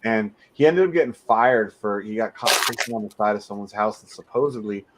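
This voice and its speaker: A man's voice: fairly low pitch, fairly quick, background noise. Profane, storytelling man on a podcast. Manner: profane storytelling, mimicking people in raised voices. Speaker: podcast host. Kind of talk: crude casual chat.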